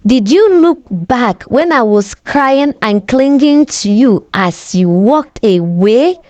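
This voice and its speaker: A woman's voice: on the high side, expressive, slow pace, mellow, no room sound. A woman voicing a young woman who is a bitter abandoned daughter, tearful and furious.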